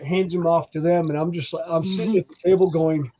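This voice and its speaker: Lively storytelling man, dull podcast audio. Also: on the high side, a little fast. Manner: animated storyteller who acts out quoted voices. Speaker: podcast co-host. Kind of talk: casual storytelling chat.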